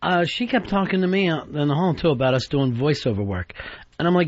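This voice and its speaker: A male radio host in dry, teasing banter, his voice pitched high and set close and dry to the mic. The broadcast sounds dull and lo-fi. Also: sing-song, fairly quick, no room sound.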